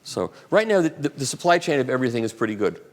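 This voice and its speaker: A mid-pitched man talks casually to a live audience. He rambles and restarts, adding asides as he goes. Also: sing-song, fast. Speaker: guest speaker at a live audiophile talk. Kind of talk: casual talk answering audience questions. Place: hall at a live event.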